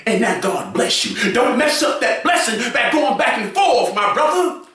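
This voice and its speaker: A man giving preachy advice to other people, repeating his points and often raising his voice to a shout. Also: extremely high pitch, sing-song, moderate pace, very echoey, recorded from a distance. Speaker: commentator.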